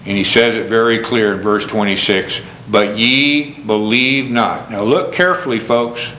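A man preaching a sermon, earnest, swinging from emphatic questions down to low, slow passages. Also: bright, forceful tone, reverberant, a little hiss or hum, poor audio.

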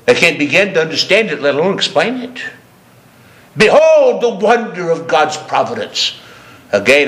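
A man preaching a sermon with passion, repeating phrases for emphasis and climbing from low murmurs to high, ringing cries. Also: fairly bright tone.

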